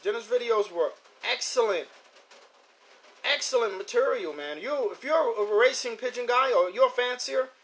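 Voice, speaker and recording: A middle-aged man with a high voice chats loosely on a live stream. He rambles, repeats his words and talks straight to his viewers. The sound comes off a phone or computer mic. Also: lively intonation, moderate pace, a bit bright. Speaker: host of a pigeon racing show. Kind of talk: casual live-stream chat.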